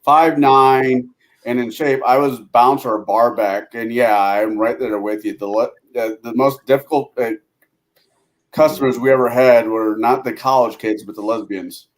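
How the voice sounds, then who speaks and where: A man's voice: mid-range voice, steady tone, normal speed. A man speaking as a guest in casual chat, in a conversational way with fillers and restarts. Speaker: podcast guest.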